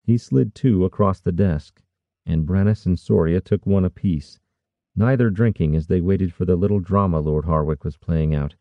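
A man narrating a fantasy audiobook in a measured, even storytelling manner. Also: low voice, dry recording, dull audio.

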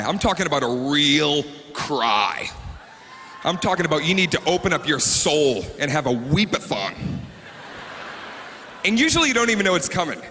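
A man performing a stand-up comedy routine on stage, animated, acting out characters and mock sobbing. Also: a little high, long reverb tail, slight background noise. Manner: animated, acts out characters and sobs for laughs. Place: stage before a live audience.

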